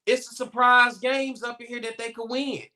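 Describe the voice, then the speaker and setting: A man's voice: extremely high pitch, flat delivery, normal speed, bright, forceful tone. A man co-hosting a sports talk show, speaking casually and folksily.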